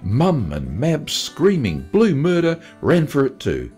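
A man presenting on radio and reading a short story aloud in an expressive storytelling manner. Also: medium pitch, slow pace, faint music behind.

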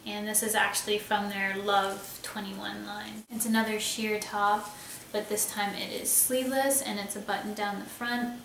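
This young beauty vlogger has a medium-pitched, slightly bright voice with a flat delivery at normal speed. She chats enthusiastically through a casual haul of clothes and accessories, thinking aloud; the recording is echoey, hissy, and somewhat off-mic.

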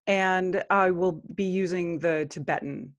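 A woman guest on a podcast interview, calmly explaining a spiritual practice. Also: lowish voice. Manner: calm, unhurried explaining. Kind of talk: interview, chanting a mantra.

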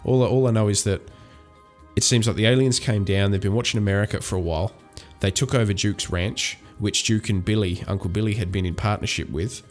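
A man's voice: on the low side, fairly quick, soft background music. A young man chatting casually while playing a video game, rambling with many fillers and restarts. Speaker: gaming channel host. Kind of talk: casual let's-play commentary.

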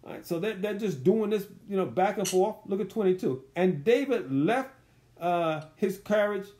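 A man with a high-pitched voice takes his listeners verse by verse through a Bible study. He talks in a loose, colloquial way and keeps putting rhetorical questions to them. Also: animated, moderate pace, warm tone. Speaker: Bible teacher.

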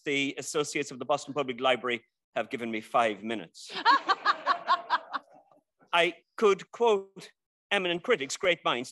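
A man's voice: fairly high pitch, pushed and bright, dry recording. A man with an Irish accent, a university teacher, giving a prepared persuasive speech at an indoor library event, wry and rhetorical, with dry jokes and long lists. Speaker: debate speaker championing a classic novel.

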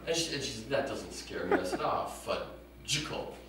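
Deadpan man doing stand-up. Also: on the low side, fast, far from the mic, over a noisy crowd. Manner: deadpan, prim, self-mocking delivery. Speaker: stand-up comedian. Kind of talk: stand-up comedy set. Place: room with a live audience. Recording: echoey room recorded from afar with audience noise. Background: audience laughter.

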